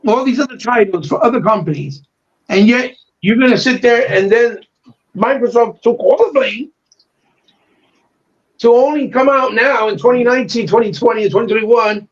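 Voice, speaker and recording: A man with a very high voice rants on a podcast, swearing freely and getting fired up as he goes. The sound is dull and lo-fi, as if the treble has been cut away. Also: moderate pace. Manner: profane, fired-up, ranting. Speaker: podcast co-host. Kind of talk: heated casual podcast rant.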